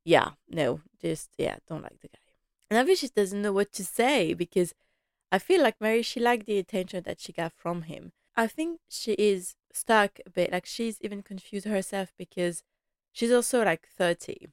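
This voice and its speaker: Chatty woman with a smooth, dry voice. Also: mid-range voice, normal speed, no room sound. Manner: chatty and animated, laughing often, slipping into quoted lines. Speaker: podcast host recapping a TV drama. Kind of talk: casual chat.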